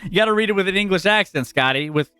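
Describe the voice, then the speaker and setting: A man's voice: high voice, lively intonation, fast talker, sharp tone, clean tone, no echo, faint music behind. A man co-hosting a casual sports chat show, who laughs often and talks in a loose, chatty way. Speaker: co-host.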